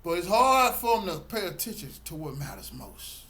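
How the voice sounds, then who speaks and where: A middle-aged man speaks straight to his viewers in a preachy, emphatic flow. His voice sits a little high for a man, and he stacks up repeated words when he's fired up. It's a loose, heartfelt monologue to camera. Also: big pitch swings, moderate pace, sharp tone. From Texas, Galveston County. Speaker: channel host and community activist.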